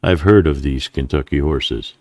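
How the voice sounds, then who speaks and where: Narrator puts on a flattering, greedy Mexican officer, very deep voice, courtly and wheedling. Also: male voice, normal speed, no room sound. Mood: coaxing. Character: smooth, greedy Mexican cavalry colonel, adult man.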